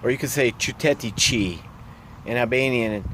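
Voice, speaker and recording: A man's voice: medium pitch, normal speed, pushed and bright, slight background noise. Blunt, profane man ranting outdoors. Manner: blunt, profane, rambling complaints. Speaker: vlogger. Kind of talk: casual ranting vlog.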